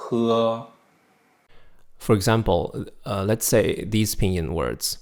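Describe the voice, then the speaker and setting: Male teacher, low and gravelly, slow patient delivery, for a recorded pronunciation lesson. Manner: patient, checks in often with "right?" and "okay?"; drills syllables slowly and clearly. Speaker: language teacher.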